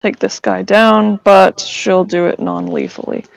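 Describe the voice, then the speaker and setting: A woman describes her character's moves in a tabletop game. She speaks slowly and hesitantly, with a gravelly fry in her voice. The recording is dry and close. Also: medium pitch, steady tone, no room sound, low-quality recording. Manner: hesitant, many fillers. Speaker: player. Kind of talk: casual tabletop game talk.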